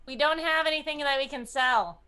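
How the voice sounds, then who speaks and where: A woman's voice: sits high, fairly quick, sharp tone. A woman playing a tabletop game, chatty and playful. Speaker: player. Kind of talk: casual tabletop game play.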